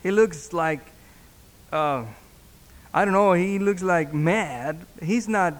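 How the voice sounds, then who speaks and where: A man, a pastor, telling a story in a sermon, halting and repeating words as he acts out the dialogue. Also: sits high. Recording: long reverb in a hall.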